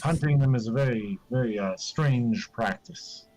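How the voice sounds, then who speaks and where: A man acting as game master, describing scenes and making rulings with some halting fillers. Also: mid-range voice, a little mellow, faint music behind, poor audio. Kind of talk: running a tabletop game.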